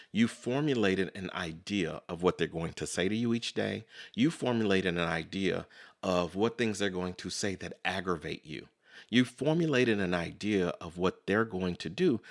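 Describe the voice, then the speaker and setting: Animated man with a gravelly voice. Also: low voice. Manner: conversational, repeats "so in other words"; acts out quoted voices. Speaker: podcast host. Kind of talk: motivational self-help talk.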